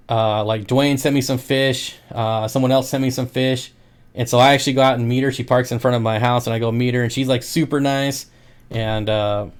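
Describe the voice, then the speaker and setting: Man, casual livestream chat, aquarium fish seller, joking, laughs a lot, mid pitch. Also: clear, resonant tone. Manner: chatty and joking, laughs often.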